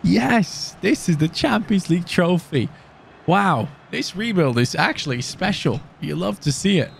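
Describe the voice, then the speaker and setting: A gaming YouTuber, a man commentating his own football game, casual and chatty, yelling when his team scores. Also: sits high, moderate pace, creaky, a little hiss or hum. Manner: excitable, yelling at goals. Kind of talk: live gameplay commentary.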